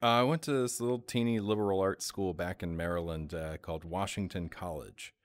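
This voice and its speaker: A man's voice: low voice, fairly even intonation, fairly quick. A man hosting a casual livestream chat, jokey and rambling, with many restarts. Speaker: host.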